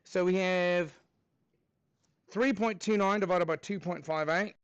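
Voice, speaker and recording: Upbeat male math teacher with a high voice, counts steps aloud and thinks out loud, dry close recording. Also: unhurried, clean tone, no room sound, dull audio. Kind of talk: live class review lesson.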